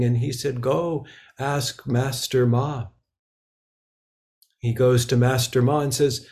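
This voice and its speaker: A man giving a Zen dharma talk, slow and halting, with many filler sounds between phrases. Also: mid-range voice, fairly even intonation, a little mellow. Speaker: Zen teacher.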